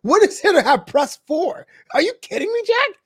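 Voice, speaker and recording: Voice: very high-pitched, normal speed. A podcast co-host in casual chat, teasing and acting out quotes. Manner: teasing, lively, acts out quotes.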